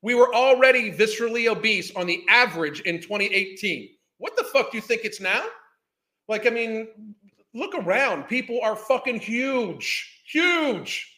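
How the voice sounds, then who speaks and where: A man's voice: sits high, lively intonation, moderate pace, sharp tone. A man, ranting in a heated, profane, scornful way as a podcast host. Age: 50s. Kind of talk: ranting commentary.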